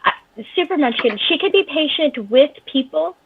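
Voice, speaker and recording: Woman host, chatty storyteller, higher voice, thin phone-quality line. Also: animated, moderate pace, vocal fry, slight background noise. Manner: chatty storyteller, laughs often. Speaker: podcast host. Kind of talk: casual chat. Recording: tinny phone-like line, dry.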